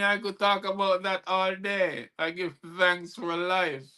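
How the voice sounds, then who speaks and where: Bright-voiced poet host. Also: male voice, high-pitched, level tone, slow, few pauses, smooth. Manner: rhythmic rhyming delivery, chuckles at own lines. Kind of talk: spoken-word poetry performance.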